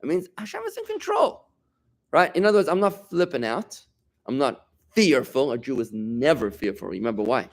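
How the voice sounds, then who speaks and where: A middle-aged man, a rabbi, giving an informal Torah class in an animated, emphatic way, bantering with his listeners. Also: mid-range voice, moderate pace.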